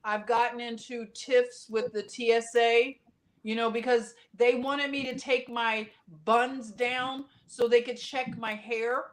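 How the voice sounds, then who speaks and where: A woman guest on a podcast, telling a story with passion and bursting out loudly at times, in quick runs full of restarts. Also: fairly high pitch. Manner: impassioned, animated storytelling with sudden loud outbursts; talks in quick runs with many restarts and fillers. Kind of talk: casual podcast conversation.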